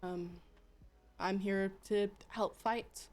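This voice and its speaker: A woman's voice: medium pitch, steady tone, drawn-out words, a little mellow. A woman voicing the last surviving royal of an empire, speaking plainly and a little hesitantly.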